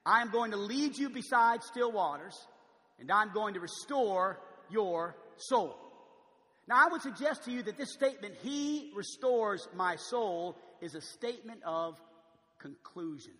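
A man's voice: sits high, lively intonation, normal speed, pushed and bright, long reverb tail. A man preaching a sermon in a large church, conversational, with frequent stammered restarts. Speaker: pastor.

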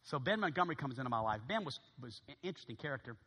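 A man preaching as a pastor, telling a story in an animated way and acting out each voice. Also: mid-range voice, racing, slightly rough, big-room sound. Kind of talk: sermon storytelling.

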